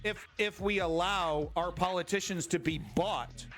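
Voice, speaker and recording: A man's voice: high voice, measured pace, fairly bright tone, faint music behind. A man hosting an online political commentary show, ranting in a profane, combative and sarcastic way.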